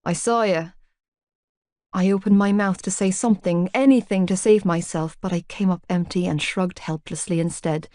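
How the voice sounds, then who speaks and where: A woman's voice: on the low side, fairly even intonation, normal speed, few pauses, warm tone, dry recording, clean studio sound. A woman narrating a romance novel in the first person, in an intimate, confiding way. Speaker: audiobook narrator.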